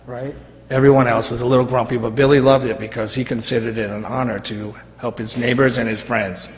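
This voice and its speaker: A middle-aged man, a veterans' post commander, giving an emotional, halting tribute at public comment in a council chamber. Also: mid-range voice, steady tone. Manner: halting and emotional, with many fillers. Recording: reverberant council chamber with faint ambience.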